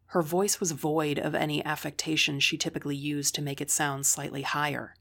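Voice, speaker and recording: Woman reading a first-person story, low gravelly voice, kinda dry and wry. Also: fairly even intonation, moderate pace, hardly any pauses, a bit bright. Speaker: narrator.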